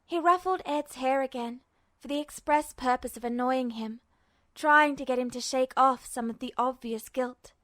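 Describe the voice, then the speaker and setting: A woman reading a fanfiction story aloud as a podfic, with steady, measured narration. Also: sits high, no echo. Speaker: podfic reader.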